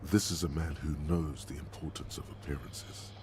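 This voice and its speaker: An actor voicing the grave, measured inner voice of a detective's mind in a game. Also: male voice, extremely low pitch, steady tone, a little mellow, slight background noise. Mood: ominous.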